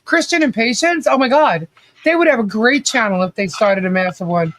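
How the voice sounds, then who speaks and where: A man's voice: extremely high pitch, a little fast, a bit bright, no echo. A man hosting a casual livestream commentary, blunt and ranting, swearing freely and reading out viewer chat comments.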